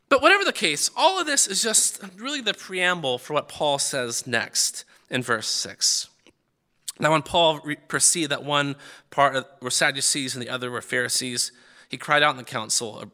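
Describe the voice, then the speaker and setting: A man's voice: on the high side, lively intonation, normal speed, sharp tone. A man preaching a sermon on a Bible passage in a conversational way, often stumbling over his words and restarting. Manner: conversational, frequent stammered restarts.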